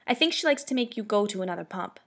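A woman's voice: mid-range voice, expressive, fast talker. A woman doing a blunt old working woman. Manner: plain-spoken, muttering.

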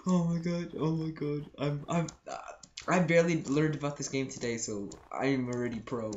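A teenage gameplay commentator talking excitedly and yelping in panic, repeating phrases over and over. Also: mid-range voice, normal speed, lo-fi sound, noisy background. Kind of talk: excited let's-play commentary. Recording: echoey room with keyboard clicks.

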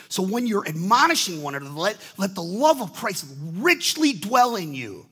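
A pastor in his fifties delivers a sermon with real fervor, often restarting and repeating himself. His voice is high and husky. He slips into the voices of the people in his stories as he preaches. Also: very animated, normal speed, hardly any pauses, pushed and bright. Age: 50s. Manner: impassioned, acts out voices in dialogue, repeats words.

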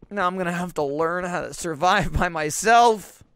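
Young man, comedic gameplay commentary, melodramatic mock grief, shouts then mutters, swears, animated pitch, slow drawn-out delivery. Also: smooth, no echo. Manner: swears freely. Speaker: let's play gamer.

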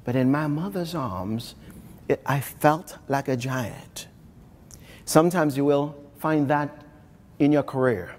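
In a large conference hall, a Haitian man with a fairly high, slightly mellow voice takes his time through a live motivational keynote. His delivery is emphatic, full of repeated phrases and direct appeals to the audience, all carried on the long hall reverb of the conference room.

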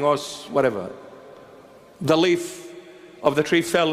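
A man's voice: a little high, expressive, slow pace, in a large hall. A man preaching a fiery sermon as a bishop, mocking and scolding, calling his listeners "my son" and "my daughter".

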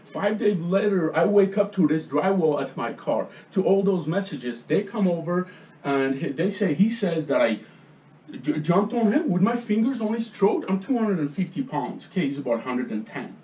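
A resident makes a heated public comment at a meeting, agitated and repeatedly pressing his points with "okay?". His voice sits high and is very animated, with a dark tone and a moderate pace, heard from far off in an echoey room with dull audio.

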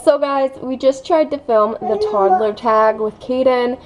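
Soft music plays behind a young family vlogger as she talks casually at home, wandering through her thoughts with many fillers and occasional whispers. She speaks a little slowly in a voice on the high side, and the recording's highs are cut off.

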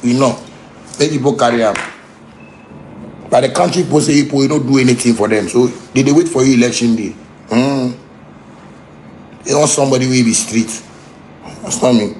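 A man with a Ghanaian Pidgin English accent ranting angrily, heated and repetitive, sometimes shouting. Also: medium pitch, slight background noise. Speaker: musician ranting on a livestream. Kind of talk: angry unscripted rant.

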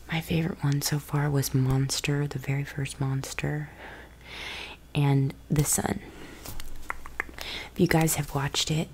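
A woman's voice: low-pitched, slight background noise. A woman chatting in whispers for ASMR, close to the mic, rambling casually and cussing now and then. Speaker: ASMR creator. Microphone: close ASMR microphone.

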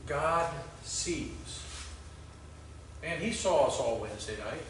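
A male pastor giving a conversational sermon, telling stories with halting restarts. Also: a little high, lively intonation, slight background noise. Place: church sanctuary. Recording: very echoey church hall from far off.

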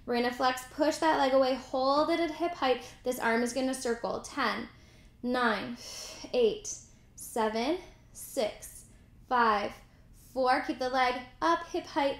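Guiding a mat pilates workout, this woman calls out the moves and counts reps between chatty remarks. She speaks slowly in a high voice, and the sound is roomy.

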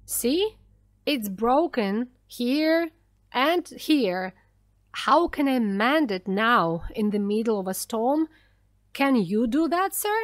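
A woman's voice: a little high, lively intonation, slow pace, dry recording, clean studio sound. A woman doing a worn-out, fed-up ship's engineer. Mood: exasperated. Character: angry, tired, frightened male ship's engineer.

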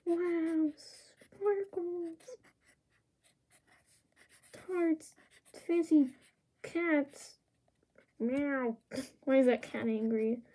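A woman's voice: sits high, drawn-out words, long pauses. A woman casually narrating her doodles in a playful, chatty way. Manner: playful, chatty, reads prompts in lively voices. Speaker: art channel creator. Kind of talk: casual drawing commentary.

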